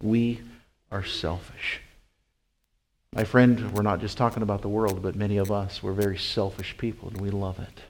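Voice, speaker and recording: A man preaching a sermon as pastor, asking his listeners question after question and swinging from loud, high calls to slow, hushed lines. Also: little pitch movement, slight background noise. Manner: asks the congregation rhetorical questions.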